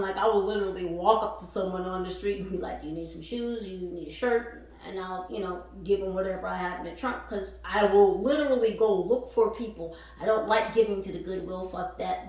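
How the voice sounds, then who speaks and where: A woman hosting a spiritual channel, telling a story in casual, animated, swearing talk and laughing often. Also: mid-range voice. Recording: echoey room, voice far from mic.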